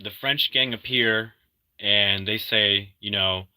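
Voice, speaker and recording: A man casually retelling a movie plot in an animated way, acting out the characters' lines and often restarting his sentences. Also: lowish voice, slow, clear, resonant tone, no echo, poor audio. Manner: animated storyteller, acts out quotes, many restarts. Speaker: movie recap host. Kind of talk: casual spoken movie recap.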